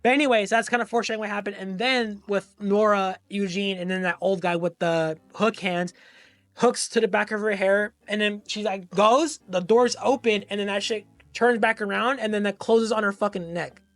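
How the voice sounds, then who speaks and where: A man with a high-pitched voice recaps film scenes for a casual podcast, cursing freely and mimicking the characters. The recording is dry and close, with quiet music playing beneath. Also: fairly even intonation, moderate pace, no echo. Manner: profane, acts out lines from scenes. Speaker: podcast co-host. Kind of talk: casual movie discussion.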